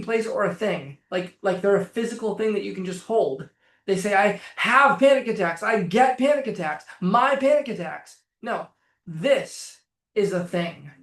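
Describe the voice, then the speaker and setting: A man's voice: high-pitched, echoey room. A man coaching viewers through anxiety and panic on a live stream, blunt, casual and emphatic, with the odd swear word.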